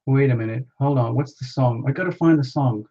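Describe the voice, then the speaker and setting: A man's voice: medium pitch, brisk, dark tone. A man hosting a live tarot reading stream, talking in an earnest, rambling way full of filler words. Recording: slightly dull lo-fi audio.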